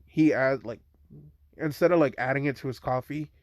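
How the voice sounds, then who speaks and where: A man's voice: medium pitch, normal speed, no room sound, studio quality. A young man casually retelling a made-up fan story, rambling with lots of filler words. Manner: rambling, heavy "like" and "type shit" fillers.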